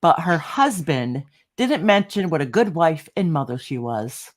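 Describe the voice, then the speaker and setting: A woman's voice: sits low, big pitch swings, a little slow. A woman co-hosting a casual livestream chat, agreeable and chatty, reading out comments.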